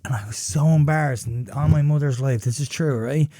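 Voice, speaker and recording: A man's voice: mid-range voice, a little fast, warm tone, dry recording, clean studio sound. A man hosting a podcast, telling a story casually, rambling and swearing with lots of fillers. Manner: rambling and profane, heavy on fillers like "you know" and "right?". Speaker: podcast host.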